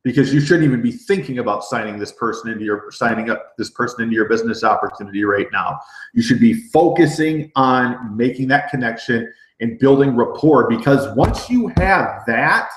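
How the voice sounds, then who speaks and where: A man's voice: medium pitch, lively intonation, brisk. A middle-aged man running a live sales training, talking with energy, repeating himself and dropping rallying "okay?" asides. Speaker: network marketing trainer. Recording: roomy echo.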